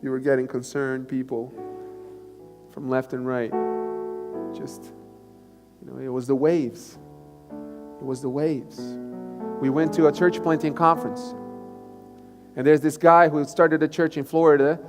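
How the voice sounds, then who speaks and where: A male pastor preaching a live sermon, moving between loud emphatic bursts and quiet, low passages and repeating key phrases for emphasis. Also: unhurried, pauses often. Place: church sanctuary. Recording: live church recording with long reverb and music behind.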